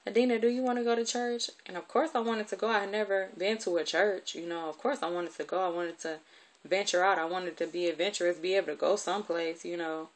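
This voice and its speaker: A woman's voice: fairly low pitch, steady tone, a little fast, slight background noise. A woman telling a personal story from her childhood in a candid, conversational way, with plenty of profanity.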